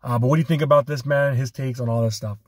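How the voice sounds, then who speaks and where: A man hosting a fan podcast, talking in a relaxed, conversational way and swearing casually. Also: medium pitch, fast talker, husky, dry recording. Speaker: podcast host. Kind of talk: casual chat.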